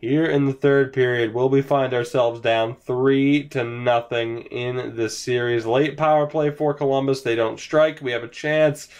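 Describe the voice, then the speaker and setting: A man's voice: mid-range voice, steady tone, measured pace, hardly any pauses, darkish tone. A young man casually commentating his hockey video game franchise at home, sighing, yawning and sounding resigned as his team loses. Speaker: gaming commentator. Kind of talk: casual let's-play commentary.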